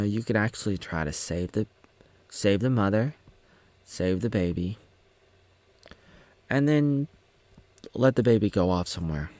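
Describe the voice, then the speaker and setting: A man's voice: deep voice, a little mellow. A man in his thirties from the United States, rambling and joking as he comments on a film, sometimes mimicking its characters or humming little tunes. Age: 30s. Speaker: video maker.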